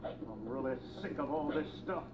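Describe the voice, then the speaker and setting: A man's voice: on the high side, lively intonation, moderate pace, heavy background noise, natural voice. An actor playing a vain, muscle-bound young cartoon man with a swaggering, clipped tough-guy delivery. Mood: fed up. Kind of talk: cartoon voice acting. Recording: cartoon clip with loud score and roomy echo.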